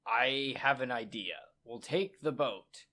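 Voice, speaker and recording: Man doing a gruff, cheery swashbuckler who talks like an old sailor; tabletop game. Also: mid-range voice, slow pace, bright, forceful tone. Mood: scheming. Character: swashbuckling male adventurer, bold and cheerful.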